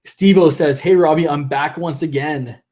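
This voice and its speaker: A man's voice: on the high side, moderate pace, darkish tone. A young man hosting a live stream and reading viewer comments aloud. He rambles, restarts his sentences, laughs often, and is losing his voice. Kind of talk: casual live-stream chat.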